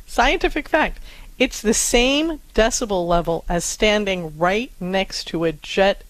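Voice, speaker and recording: Calm woman co-hosting a parenting show. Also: mid-range voice, no echo, rough recording. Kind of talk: advice talk.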